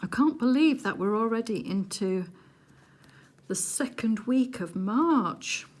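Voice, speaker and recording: A woman chatting casually while she does a craft project at home, rambling along with little hushed asides. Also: on the high side, animated, takes it slowly. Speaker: crafting vlogger. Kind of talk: casual chat while diamond painting.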